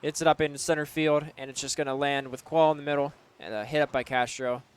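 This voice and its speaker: A young man casting a college esports match, calling plays in a loose, excitable way with lots of fillers. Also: a little high, quick pace, clean tone. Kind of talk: play-by-play commentary.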